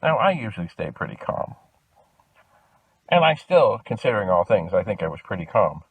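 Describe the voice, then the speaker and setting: A man from Canada telling a long customer-service story, animated and exasperated in tone. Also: lowish voice, moderate pace, gravelly, husky, phone-quality sound. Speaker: video host. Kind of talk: storytelling vlog.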